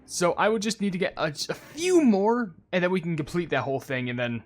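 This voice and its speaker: A young man rambles excitedly through casual gameplay commentary. His voice sits a little high, and game music plays faintly behind him. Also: fairly quick. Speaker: gaming YouTuber.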